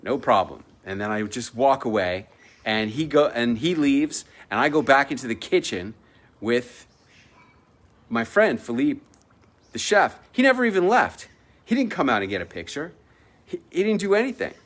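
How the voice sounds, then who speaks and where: A man's voice: mid-range voice, sing-song, moderate pace, a bit bright. A man, an entrepreneur, telling a personal story to camera in a casual, emphatic, boastful way, swearing freely and acting out the people he quotes. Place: at a villa at sunset.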